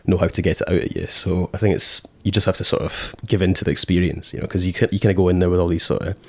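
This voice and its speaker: Deep-voiced Scottish man, chatty. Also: level tone, rapid-fire, no room sound. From Scotland. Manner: rambling, lots of fillers, acts out quotes. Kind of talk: casual chat.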